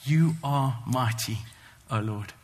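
A man preaching a sermon, earnest and emphatic, slowing down to stress the scripture he reads. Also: medium pitch. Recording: long hall reverb.

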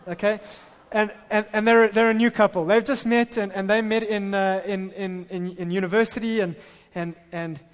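Male pastor, sermon, high voice, long hall reverb, animated, stammering restarts. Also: normal speed.

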